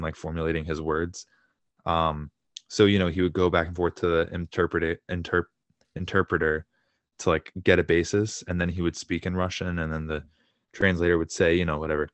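A man's voice: low-pitched, no room sound. A young man co-hosting a sports podcast, chatting casually and getting worked up, swearing and laughing as he tells stories. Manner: excitable, swears, laughs while telling stories. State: home with a fractured shin. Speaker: podcast co-host.

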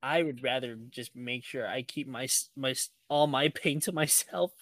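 A man's voice: mid-range voice, normal speed, fairly bright tone, no room sound. A man hosting a casual podcast chat, speaking politely and a little hesitantly. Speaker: podcast host.

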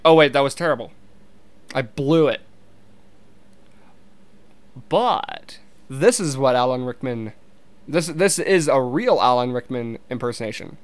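A man's voice: mid-range voice, lively intonation, moderate pace, pauses often, a bit bright, smooth. A young man talking casually and rambling, with frequent swearing and restarts. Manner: rambling, swears, many restarts, laughs easily. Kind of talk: casual monologue.

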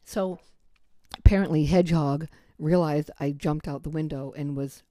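A woman's voice: low voice, steady tone, normal speed, dark tone, dry recording. An American woman hosting a podcast, telling a personal story in a candid, casual way and swearing freely. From United States. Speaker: podcast host.

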